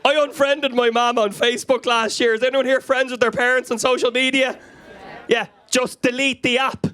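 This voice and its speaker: High-voiced Irish man doing stand-up. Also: flat delivery, moderate pace, bright, forceful tone. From Ireland. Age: 30s. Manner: frenetic, anecdotal, crowd-working. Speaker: stand-up comedian. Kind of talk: stand-up comedy set. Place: comedy club stage before a live audience.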